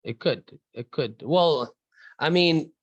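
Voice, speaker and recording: A man's voice: on the high side, takes it slowly, dry recording, lo-fi sound. A man with an Egyptian accent teaching an online class. He switches between English and Arabic mid-sentence and calls on students by name. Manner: chatty, addresses students by name.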